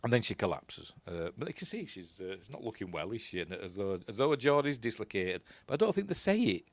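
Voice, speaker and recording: Deep-voiced Yorkshire man rambling. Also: sing-song, fast, no room sound. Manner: rambling, unsure, chuckling asides. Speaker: film reviewer. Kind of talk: casual commentary over a film.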